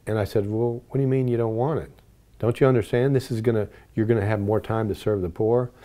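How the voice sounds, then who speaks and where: An older man with a mellow, fairly low voice tells personal stories in an interview. He is earnest throughout and grows animated whenever he quotes what people said. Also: fast talker. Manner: earnest, animated when quoting dialogue. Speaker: interview guest. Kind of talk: personal storytelling.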